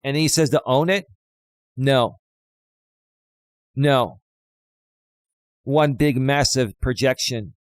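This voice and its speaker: With a medium-pitched voice and no echo in the recording, this man hosts a confrontational livestream, taunting and repeating his points to hammer them home.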